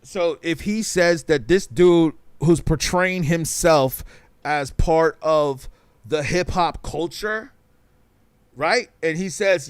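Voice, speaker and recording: A man's voice: fairly high pitch, takes it slowly, clean tone, no echo. A man hosting a talk show on a livestream, chatting casually in a rambling, profane and emphatic way.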